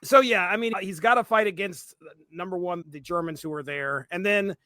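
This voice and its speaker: A man's voice: sits high, fairly quick, sharp tone, dry recording. A man co-hosting a comics podcast in casual chat, rambling with many fillers and restarts. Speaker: podcast co-host.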